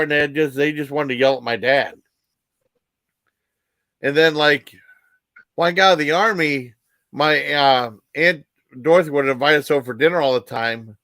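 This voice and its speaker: A man in his fifties telling rambling personal stories as a vlog host, halting with many fillers and restarts. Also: fairly high pitch, fairly bright tone, no room sound.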